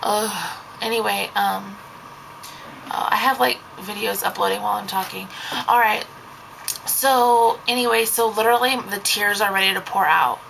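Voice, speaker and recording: A woman's voice: medium pitch, fairly even intonation, normal speed, creaky, fairly bright tone, a little hiss or hum, low-quality recording. A young woman, a babysitter, telling a story in a casual vlog, rambling and saying "like" constantly. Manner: rambling, heavy use of "like".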